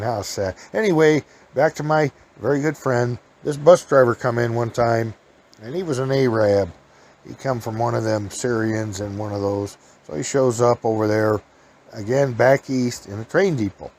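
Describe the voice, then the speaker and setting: A man's voice: medium pitch, normal speed, a little mellow. A man rambles through folksy stories on his podcast in an easy, casual way. He chuckles as he goes, drifting from one tale to the next. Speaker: podcast host. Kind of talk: casual storytelling.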